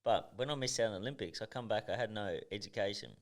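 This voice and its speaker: A man in his thirties from Tasmania with a strong Australian accent, speaking in a very low, heavy voice. He tells stories bluntly and intensely, with swearing in nearly every line, in a casual podcast chat. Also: fast talker. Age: 30s. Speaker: guest, professional boxer.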